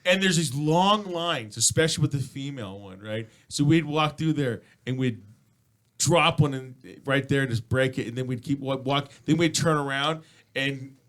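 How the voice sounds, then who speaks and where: A man's voice: medium pitch, normal speed, a bit bright. A man hosting a casual chat show, telling loose, profane stories through laughter. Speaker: podcast host.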